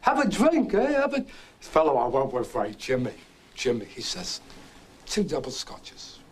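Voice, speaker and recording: A man's voice: medium pitch, wildly swooping pitch, measured pace, a little hiss or hum. An actor playing a restless, boastful young man who rambles through a racetrack story and keeps prodding his listener with "right?". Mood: conspiratorial. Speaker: actor in a film drama. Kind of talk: stage-play film acting.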